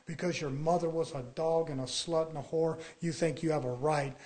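Fired-up preacher guy, kinda high voice, hammering rhetorical questions and suddenly getting loud. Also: fairly even intonation, brisk. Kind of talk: fiery sermon.

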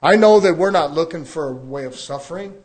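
A man's voice: on the high side, lively intonation, fairly quick, a little mellow. A man preaching a sermon, folksy and emphatic, acting out quotes along the way.

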